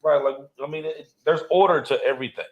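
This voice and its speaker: A man's voice: a little high, fast talker, highs cut off, a loud crowd. Man, motorcycle club member, podcast co-host; laid-back, explains patiently. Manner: laid-back, explaining with repeated "you know what I mean". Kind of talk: casual podcast chat.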